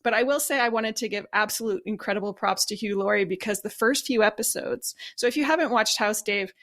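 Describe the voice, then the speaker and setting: A woman's voice: mid-range voice, brisk, a bit bright. Enthusiastic female podcast panelist. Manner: enthusiastic, stretches words for emphasis. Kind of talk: casual panel discussion.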